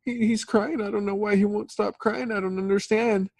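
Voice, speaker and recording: Man's impression of a pleading young wife, much higher pitched, bewildered, confused. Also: fairly even intonation, normal speed, gravelly, dry recording.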